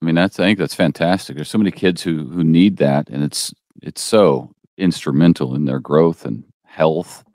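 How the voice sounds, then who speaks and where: Deep-voiced easygoing man news co-host. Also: normal speed, few pauses, a little mellow, no echo, studio quality. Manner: easygoing, teasing, frequent "uh" fillers. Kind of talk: casual local news chat.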